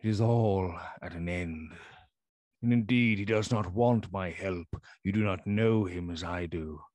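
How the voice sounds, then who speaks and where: A man's voice: low-pitched, unhurried, darkish tone, no echo. A man voicing a feverish, frightened doctor. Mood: feverish pleading. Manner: agitated, pleading. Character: feverish frightened male doctor, middle-aged.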